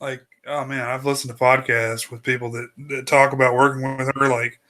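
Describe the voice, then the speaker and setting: A man's voice: medium pitch, little pitch movement, brisk, sharp tone. A man co-hosting a podcast, chatting casually with wry, incredulous remarks. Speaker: podcast co-host. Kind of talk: casual chat.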